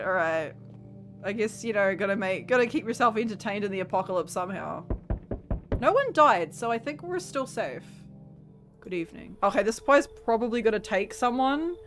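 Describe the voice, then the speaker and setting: A woman streamer chatting casually as she plays, reacting as she goes and often trailing off mid-thought. Her pitch sits in the middle range. Faint music plays under her voice. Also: expressive, normal speed, a bit bright. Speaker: VTuber streamer. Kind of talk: casual gameplay commentary.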